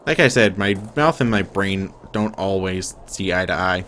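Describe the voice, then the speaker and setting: A man's voice: low voice, lively intonation, normal speed, fairly bright tone, slight background noise. A man giving casual, self-deprecating gameplay commentary as the host of a let's play.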